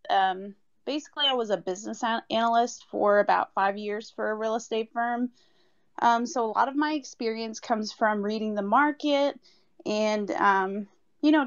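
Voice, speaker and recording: A woman's voice: a little high, clear, resonant tone. A woman speaking as a broker in a casual online audio chat, hesitant with many fillers. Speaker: real estate broker. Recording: dull lo-fi audio.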